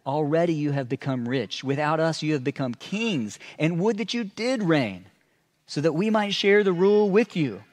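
A man's voice: on the high side, moderate pace. A man preaching a sermon as a pastor, telling stories and acting out sarcastic asides. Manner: animated storytelling with sarcastic asides.

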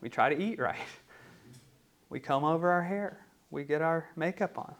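Male pastor, higher-pitched, casual teaching sermon, filler-heavy, rhetorical asides. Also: normal speed. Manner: conversational, many ums and rhetorical "right?".

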